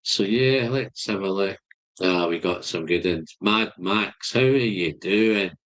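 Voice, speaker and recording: A man's voice: low-pitched, takes it slowly, fairly bright tone. A Scottish man hosting a live stream, chatting casually and greeting viewers by name. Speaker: whisky channel host.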